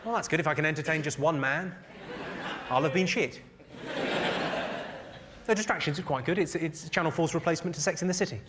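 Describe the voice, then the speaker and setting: Comedian bloke, dry and rude, roasting the crowd, loud audience noise behind. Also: male voice, fairly high pitch, a little fast, long pauses. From England. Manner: dry, crude, teasing the audience. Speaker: stand-up comedian. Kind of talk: stand-up comedy with crowd work. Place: comedy venue on stage.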